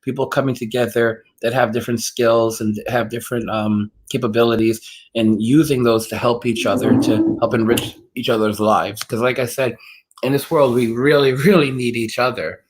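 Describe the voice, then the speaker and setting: A man with a mid-range voice and steady tone speaks at normal speed over a bit of hiss or hum. Hosting a casual livestream, he reads and answers his chat in a rambling way, full of fillers, restarts, and lots of "like."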